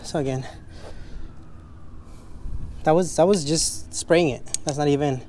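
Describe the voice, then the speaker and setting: A man's voice: fairly high pitch, measured pace, a little mellow, a little hiss or hum. A man with English as his second language, frankly chatting in a rambling, motivational way while detailing his car, swearing casually.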